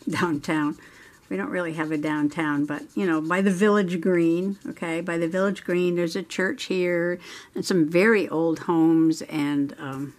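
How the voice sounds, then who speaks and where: A woman's voice: on the low side, a little mellow. A middle-aged woman hosting a journaling video, telling a chatty story while she colors, laughing often. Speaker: journaling channel host. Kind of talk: casual crafting chat while coloring.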